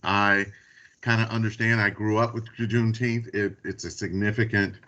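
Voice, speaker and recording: A middle-aged man from Texas, a university dean staff member, speaks earnestly and haltingly at an online event, pausing on fillers and restarts. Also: on the low side, level tone, bright, forceful tone. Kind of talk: spontaneous remarks at an online event. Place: video call. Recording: dull video call audio.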